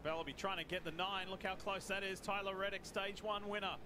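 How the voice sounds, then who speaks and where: A man calling a car race live on TV with excited play-by-play that rises at key moments. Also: high voice, a little fast, noisy background. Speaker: TV race commentator.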